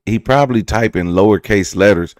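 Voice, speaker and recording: A man's voice: on the low side, fairly quick, a little mellow, dry recording, clean studio sound. A young man hosting a casual storytime vlog, talking loosely and jokingly, now and then mimicking other people's voices. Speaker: vlog host.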